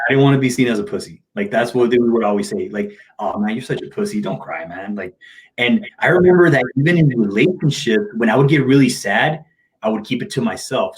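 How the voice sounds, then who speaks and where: A middle-aged man, a motivational speaker, speaking openly and emotionally in an interview, telling personal stories in casual slang. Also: medium pitch. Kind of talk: candid interview talk.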